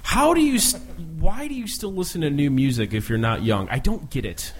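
A man's voice: a little high, animated, brisk. A man in his twenties from the Midwest, hosting a live comedy podcast with a rambling, profane, self-mocking monologue. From American Midwest. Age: 20s.

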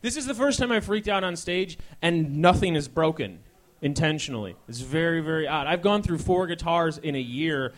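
A man in his twenties hosting a live talk show on stage, rambling, self-mocking and excitable. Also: on the high side. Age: 20s. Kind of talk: live stand-up style talk show chat. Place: ballroom stage before a live audience.

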